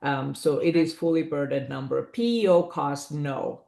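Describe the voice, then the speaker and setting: Woman with a gravelly low voice walking through numbers in a webinar, echoey room. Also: moderate pace, dark tone. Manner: explanatory, conversational with asides. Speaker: business valuation presenter. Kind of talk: webinar presentation.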